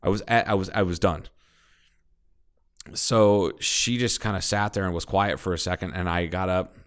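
A man from Ohio, co-hosting a podcast, spins a rambling, profanity-laced story full of restarts in a casual storytelling chat. His voice sits low and smooth, with fairly even intonation and a moderate pace.

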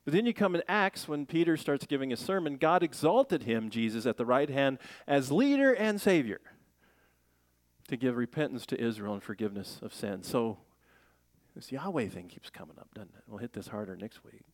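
A man preaching a sermon in a lively, joking way, slipping into playful voices as he makes his points. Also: mid-range voice, normal speed, no echo. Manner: animated, jokey preaching with playful voices and laughs. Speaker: pastor.

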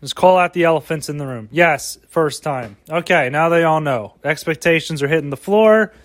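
Guy doing a solo podcast outside, swears a lot, rambly, voice a bit on the high side. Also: normal speed, no echo. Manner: rambling, profane, mock pep talk. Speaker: podcast host. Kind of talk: casual solo podcast monologue.

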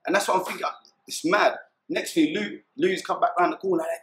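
A young man with a London accent recounts events in a lively, acted-out way, voicing shouts and bangs. His voice sits a little high, and the room around him rings with echo over a faint background noise. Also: fast. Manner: vivid retelling, acts out shouts and gunshot sounds. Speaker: interviewee. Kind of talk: animated storytelling.

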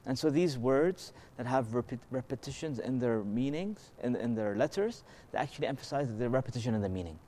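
A man's voice: medium pitch, lively intonation, fairly quick, hardly any pauses, mellow, slight background noise. Man teaching a casual scripture lesson. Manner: casual and explanatory, asks rhetorical questions and checks in with "okay?"; slips into melodic Arabic recitation of verses. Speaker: religious teacher.

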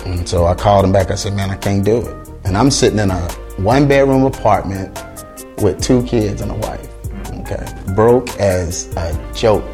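A man's voice: lowish voice, normal speed. A middle-aged man, a music producer, telling his story in conversation and acting out the voices of the people he quotes. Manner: lively retelling that acts out quoted dialogue.

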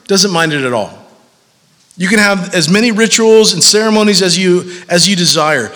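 A man's voice: sits high, sharp tone, in a large hall. A man preaching a sermon as pastor, talking conversationally and animatedly with frequent fillers and repeats.

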